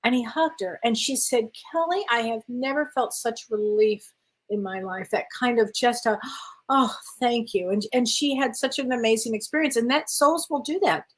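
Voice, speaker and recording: A woman, a medium, chatting casually about spirit experiences, quick to affirm with yes and right. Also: on the high side. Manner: warm, affirming, frequent yeses. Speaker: medium, co-host.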